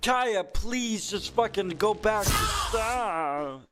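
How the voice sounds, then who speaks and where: A man's voice: high-pitched, animated, very slow, over music, pitched above the performer's own voice, exaggerated voice. A man playing a whiny paranoid streamer. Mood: indignant. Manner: complaining, indignant rant.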